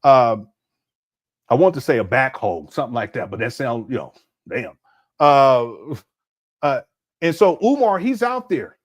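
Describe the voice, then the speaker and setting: A man's voice: mid-range voice, very animated, unhurried, pauses often. A middle-aged man hosting a casual livestream, talking emphatically to his chat and often laughing. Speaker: livestream commentary host.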